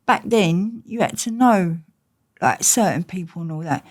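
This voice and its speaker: A woman's voice: on the low side, animated, a little slow. A woman with an Essex accent, an interview guest telling stories bluntly and swearing freely. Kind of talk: candid casual storytelling.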